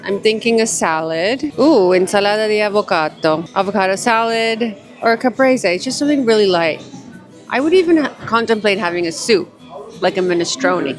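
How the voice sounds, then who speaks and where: A woman's voice: mid-range voice, a little fast, faint music behind. A young adult woman vlogging to the camera, chatty and effusive, narrating her day while walking through streets and shops. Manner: chatty, effusive, calls viewers darling. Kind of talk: casual vlog narration to camera.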